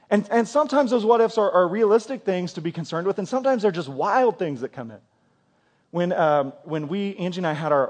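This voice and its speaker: Conversational pastor man, higher voice. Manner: conversational, repeats words and asks the crowd questions. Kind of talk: sermon. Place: church.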